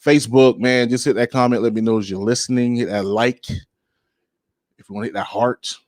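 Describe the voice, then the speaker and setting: A man's voice: medium pitch, steady tone, darkish tone, dry recording, clean studio sound. A man hosting a casual music podcast, rambling and laid-back, with many fillers, and he laughs at his own slips. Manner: drawn-out speech with many fillers. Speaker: podcast host.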